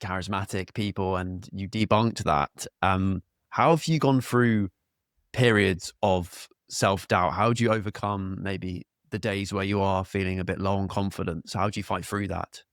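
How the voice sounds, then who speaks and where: A male host with a very low voice asks his guest questions. He sounds relaxed and attentive and laughs along with her. The recording is dry and close. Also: normal speed, dry recording. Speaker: podcast host. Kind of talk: casual interview questions.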